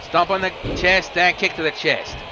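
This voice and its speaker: A man giving quick move-by-move wrestling commentary, with casual asides. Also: sits high, fairly even intonation, noisy background. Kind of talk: play-by-play commentary.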